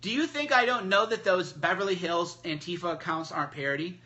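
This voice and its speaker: A man's voice: high-pitched, a little fast, pushed and bright. A man hosting a phone livestream, talking in a blunt, mocking, emphatic casual monologue. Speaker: livestream host.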